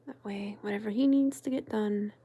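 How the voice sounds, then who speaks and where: A woman crafting-channel host who tells a meandering story in a soft, chatty whisper. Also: medium pitch, moderate pace, slightly rough.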